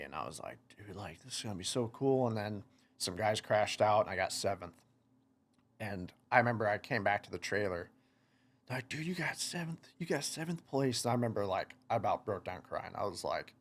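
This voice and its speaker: A man's voice: lowish voice, fairly bright tone. A young man in his twenties, a motocross racer, telling a story in a casual podcast chat, rambling with lots of "like" fillers and quoting himself. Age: 20s.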